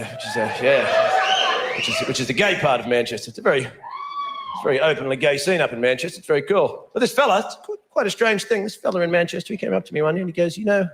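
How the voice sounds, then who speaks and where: A man's voice: on the high side, noisy background. A man with an Australian accent doing a blunt, swaggering, profane stand-up routine on a club stage. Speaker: stand-up comedian. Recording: echoey club, loud laughter.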